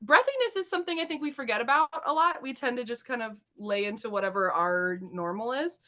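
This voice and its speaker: A woman's voice: fairly high pitch, sing-song, fairly quick, a bit bright. A woman co-hosting a podcast, explaining voice and accent basics in casual chat, laughing often and slipping into demo voices. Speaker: podcast co-host.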